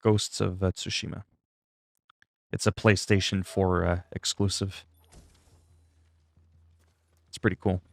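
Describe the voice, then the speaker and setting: A man's voice: low voice, level tone, takes it slowly, vocal fry, pauses often, no room sound, clean studio sound. A young man streaming a game and chatting casually, rambling with lots of fillers and self-deprecating jokes. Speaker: gaming streamer. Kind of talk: casual livestream chat while gaming.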